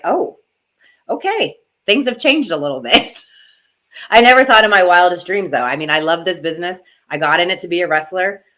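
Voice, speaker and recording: A woman's voice: medium pitch, sharp tone. A middle-aged woman talking in a casual interview, emotional and gushing, close to tears at times. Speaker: guest, retired wrestler.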